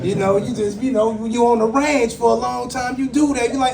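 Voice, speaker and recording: A man, giving an impassioned, rhythmic, preacherly speech to a crowd at a community event, building to loud emphatic peaks. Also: extremely high pitch, brisk, creaky, hardly any pauses. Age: 40s. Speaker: exonerated speaker at a book launch. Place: community event hall with audience. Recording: echoey hall, mic from far off.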